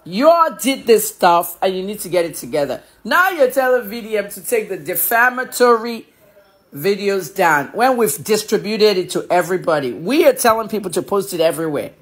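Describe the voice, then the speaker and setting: A husky woman delivers a fiery rant to camera, her pitch leaping around as she hammers each point. She is blunt, profane and confrontational from start to finish. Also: lively intonation, moderate pace. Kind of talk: angry social media video rant.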